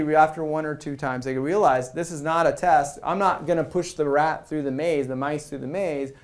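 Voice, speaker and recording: A man with a slightly higher voice gives a relaxed, conversational talk to a meetup crowd. He keeps it informal, acts out little user exchanges and tosses in "right?" to check with the room. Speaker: speaker at a product meetup. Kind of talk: conference talk. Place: meetup venue.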